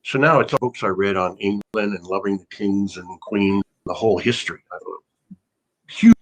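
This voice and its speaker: An American man, an actor guest in a casual interview, telling rambling, self-mocking stories with bursts of loud laughter. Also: fairly low pitch, normal speed, low-quality recording.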